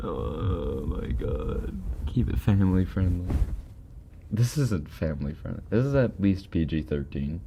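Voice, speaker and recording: A man chatting on a live ASMR stream, keeping his voice soft while giggles keep breaking through. His speech is slow and mellow yet swoops widely in pitch. He is recorded close on a binaural microphone with a faint hum behind. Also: expressive, lo-fi sound. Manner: giggly, breaks into laughter, talks softly. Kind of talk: casual live-stream chat reacting to clips.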